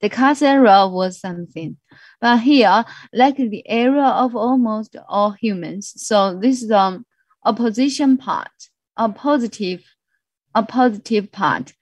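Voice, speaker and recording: A woman with a Mandarin Chinese accent teaching an English vocabulary class online, speaking slowly and repeating each word. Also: fairly high pitch, slightly rough, dry recording. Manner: slow, repeats words, mixes in Mandarin explanations. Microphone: video call.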